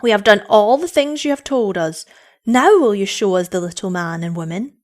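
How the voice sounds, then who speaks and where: A woman voicing a pair of eager young children, pleading in breathless, high-pitched tones. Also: lively intonation, normal speed, natural voice.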